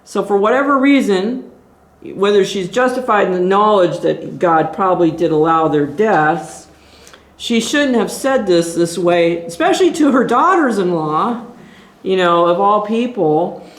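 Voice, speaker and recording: A woman's voice: medium pitch, lively intonation, measured pace. A woman leading a group Bible study, teaching in an earnest, exhorting way as she thinks aloud. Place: church meeting room. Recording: echoey room.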